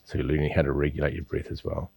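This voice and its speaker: A man with a very low, deep voice guides students through a slow breathing exercise. He coaches patiently and repeats himself, often checking in with a quick "yeah?". The sound is dry and close, with no room echo. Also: level tone, darkish tone, husky. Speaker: qigong teacher.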